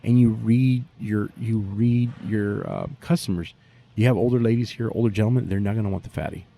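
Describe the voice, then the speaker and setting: A man, a barbecue pitmaster telling stories in a profane, animated way during a casual interview. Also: lowish voice, brisk, creaky.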